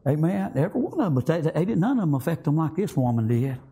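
A man's voice: fairly high pitch, big pitch swings, fast, warm tone, breathy edge, soft background music. A man preaching a sermon, fervent and full of repeated amens and praise Gods. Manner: fervent, repeats amen and praise God often.

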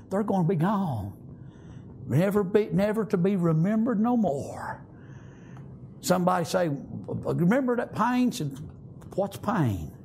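A man's voice: high-pitched, gravelly, breathy edge. An older man preaching a fervent sermon, repeating praise God and amen in folksy phrasing.

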